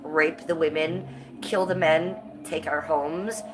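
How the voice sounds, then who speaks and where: She hosts a laid-back livestream in a low, steady, slow voice over a noisy background, swearing freely and speaking bluntly. Her voice is stuffed up from a cold, and coughs break up her lines.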